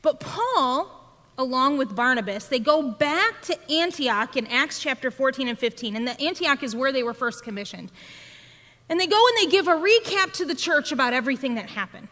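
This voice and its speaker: A woman podcast host preaching a sermon, telling an animated story and acting out her children's voices. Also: high-pitched, normal speed. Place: church sanctuary. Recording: long reverb of a church hall.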